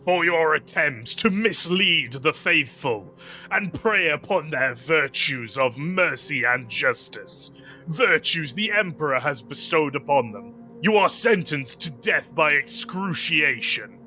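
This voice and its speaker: A stern male Inquisitor, as a game master puts him on, booms out his judgment in slow, weighty words. His bright, pushed voice climbs above the narrator's usual register and rings loud. It is a grim tabletop-game pronouncement, delivered as a formal sentence. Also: animated, soft background music, heavily acted. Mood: condemning. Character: booming stern male Lord Inquisitor judge.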